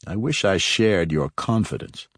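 A man narrating a fantasy story, voicing a sly, probing male dark elf rogue in his own low voice. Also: expressive, measured pace, no room sound, clean studio sound. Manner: probing, slyly teasing.

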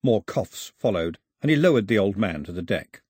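A male audiobook narrator with a husky, slightly breathy tone and lively pitch that rises and falls with the story. The recording is close and dry. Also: normal speed, dry recording. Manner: expressive storytelling.

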